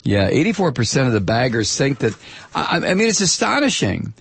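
A man's voice: medium pitch, big pitch swings, fairly quick, creaky, slightly rough. A man hosting political talk radio, sardonically reading listener mail aloud and drifting into rambling asides. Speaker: radio talk show host.

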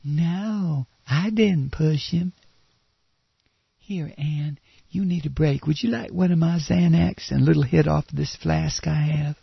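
A man's voice: a little high, creaky, breathy edge, no room sound, highs cut off, full character voice. A man doing a woozy, tipsy first lady. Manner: slow, mellow, woozy and confiding. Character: drowsy, tipsy woman, a politician's wife.

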